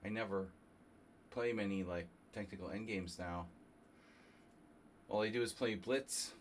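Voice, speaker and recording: A man from New Jersey streaming a chess simul, thinking aloud in a halting, casual way and coughing now and then. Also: lowish voice, a little hiss or hum. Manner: halting, muttering through chess moves with fillers.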